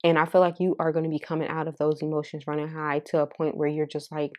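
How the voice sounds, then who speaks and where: A woman's voice: low voice, little pitch movement, quick pace, few pauses, darkish tone. A woman reading tarot cards for her viewers in a casual, candid and heartfelt way, with some swearing. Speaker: tarot card reader.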